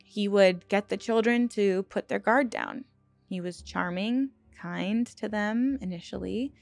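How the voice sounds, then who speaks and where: Woman, true crime storyteller, earnest, casual with fillers, middle pitch, dry sound. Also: a little slow, creaky, no room sound, soft background music. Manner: earnest, emotional, choked up at times; conversational with many fillers and restarts. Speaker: true crime channel host.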